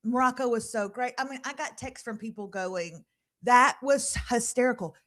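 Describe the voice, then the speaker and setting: A middle-aged woman hosting a casual live podcast, telling lively stories and mimicking people. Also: a little high, normal speed. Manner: animated storyteller, laughing, mimicking others. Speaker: podcast host.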